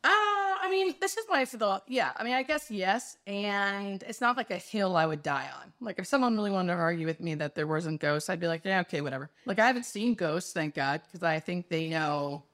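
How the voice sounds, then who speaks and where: Brief: woman, late 30s, hospice nurse, animated storyteller, lower voice, dry recording. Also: normal speed, hardly any pauses, no room sound. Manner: animated storyteller, chatty with fillers. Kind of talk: casual chat.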